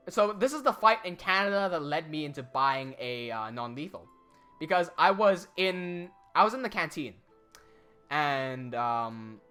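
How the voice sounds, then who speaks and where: Pria muda bercerita dengan sangat ekspresif. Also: male voice, sits high, clean tone. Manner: animated storytelling, swearing, quick asides. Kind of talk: casual chat.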